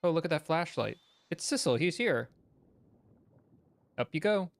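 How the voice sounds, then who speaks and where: A man voicing an excitable, loyal little male dog in a video game read-aloud, with a high, yelping, excited delivery. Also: unhurried, vocal fry, no echo, faint music behind. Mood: eager.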